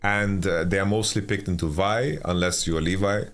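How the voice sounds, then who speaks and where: Very low-voiced man casting esports. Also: normal speed, faint music behind. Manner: relaxed, stammering restarts, reads chat. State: sleepy, yawning. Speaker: esports caster and analyst. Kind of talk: casual co-stream commentary.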